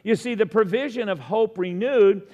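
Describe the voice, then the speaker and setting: A middle-aged pastor delivers a sermon in an earnest voice that sits high for a man, calling out to his congregation. His words ring with the long reverb of a large hall. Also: moderate pace, dull audio.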